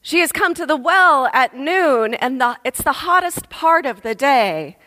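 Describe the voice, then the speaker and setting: A woman preaches slowly, telling a story with a voice that rises and falls widely. Her pitch sits a little high, and a long reverb trails each phrase through the large church hall. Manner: lively storytelling, acts out voices. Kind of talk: sermon with storytelling.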